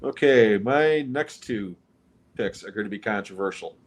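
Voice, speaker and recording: Blunt low-voiced man swearing casually. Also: animated, unhurried. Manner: blunt, opinionated, swears freely. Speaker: co-host. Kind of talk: casual podcast chat.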